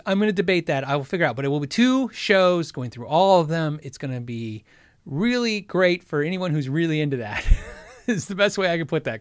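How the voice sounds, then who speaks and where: A man with a somewhat high voice hosts a live guitar gear stream, talking casually and reading chat. He rambles, cracks jokes and interrupts himself often. The sound is dry, with no room echo. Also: fairly bright tone, clean tone. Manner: rambling, chatty, frequently sidetracked; joking, self-interrupting. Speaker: host of a guitar gear livestream.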